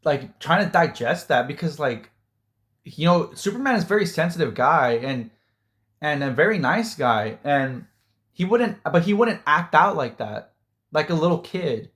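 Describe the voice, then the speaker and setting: A man ranting about a film in a loose, heated way, his voice sitting a little higher than most men's. He rambles, circles back on himself and leans on "like" and "dude" as he goes. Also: lively intonation, moderate pace, fairly bright tone. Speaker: movie reviewer. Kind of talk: casual opinion rant.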